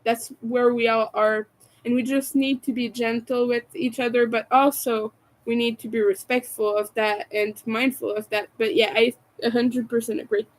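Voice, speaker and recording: A woman's voice: a little high, flat delivery, moderate pace, poor audio. A woman live-streaming while she crochets, chatting casually with viewers, laughing often and rambling through restarts. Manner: giggly, laughs often and hard. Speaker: crochet livestreamer.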